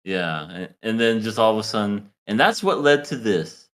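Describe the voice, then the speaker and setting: A man's voice: lowish voice, animated, normal speed, fairly bright tone. A man co-hosting an anime podcast, joking and rambling in casual chat and laughing often. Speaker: podcast co-host.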